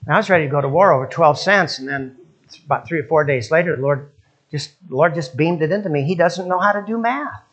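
A man's voice: fairly high pitch, quick pace, a bit bright, lo-fi sound. A male preacher giving a sermon, telling stories and asking his listeners questions. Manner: storytelling, acts out quoted voices, asks audience questions.

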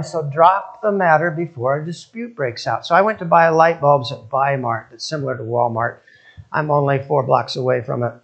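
A man's voice: fairly high pitch, a bit bright, dull audio. A male preacher giving a sermon, telling stories and asking his listeners questions. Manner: storytelling, acts out quoted voices, asks audience questions.

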